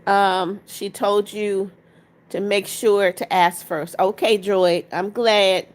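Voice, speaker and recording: A woman's voice: medium pitch, steady tone, slow pace. A woman hosting a casual livestream, greeting viewers by name, reading their comments aloud and coaxing them to tap likes. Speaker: livestream host.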